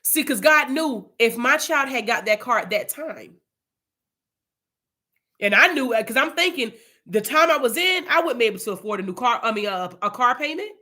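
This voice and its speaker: A woman's voice: a little high, expressive, normal speed, bright, forceful tone. A young woman leading an informal Bible study, chatty and casual, telling personal testimony.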